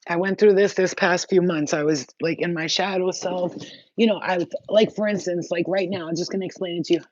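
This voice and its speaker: A casual spiritual tarot reader talking frankly to viewers, swearing freely and pressing each point with emphasis. The voice sits in a middle pitch. The recording is muffled and lo-fi, like a simple home setup. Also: fairly even intonation, fairly quick, no room sound. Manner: blunt, profane and emphatic; chatty, addresses viewers directly. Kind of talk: casual spiritual advice talk.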